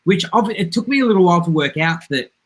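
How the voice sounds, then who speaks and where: A man's voice: sits high, expressive, quick pace. An Australian man hosting a podcast, closing out an interview with thanks and plugs. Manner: friendly, wrapping up with thanks and plugs. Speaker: podcast host. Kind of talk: casual podcast chat.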